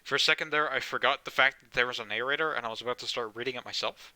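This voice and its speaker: A man's voice: mid-range voice, racing, bright, forceful tone, no room sound, rough recording. An American man streaming a video game live, talking in a casual, profane and sarcastic way and reading the game text aloud. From United States.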